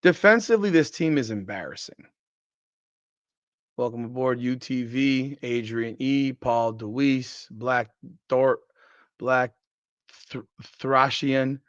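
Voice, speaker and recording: On his podcast, a man with a mid-range voice takes it slowly and pauses often while giving exasperated, foul-mouthed, blunt reactions to a basketball game he just watched. The audio is dry and echo-free, slightly dull and lo-fi.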